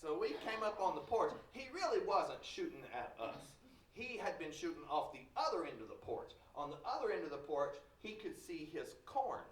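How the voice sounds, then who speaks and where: A man's voice: fairly high pitch, sing-song, moderate pace, slight background noise. A man from Kentucky, telling a story live in a folksy, wry way, heard in a large hall from a distance. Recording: roomy hall from far off.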